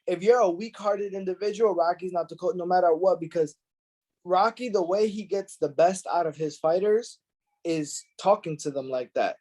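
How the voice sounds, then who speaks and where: A middle-aged man hosting a podcast, telling stories in an animated, profane way and acting out the quotes. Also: high-pitched, normal speed. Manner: animated, profane storyteller who acts out quotes. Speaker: podcast host. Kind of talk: casual podcast chat.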